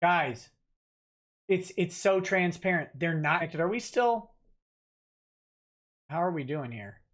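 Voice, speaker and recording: High-voiced man reading donations live. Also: expressive, slow, a bit bright. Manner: reads donor messages aloud and replies off the cuff, with many fillers and restarts. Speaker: livestream host reading donations. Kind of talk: casual livestream chat.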